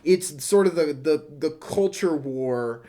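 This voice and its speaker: A man's voice: on the high side, lively intonation, takes it slowly, warm tone. A man chatting about a film with a friend, emphatic and opinionated. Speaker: movie reviewer. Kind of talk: casual movie review chat.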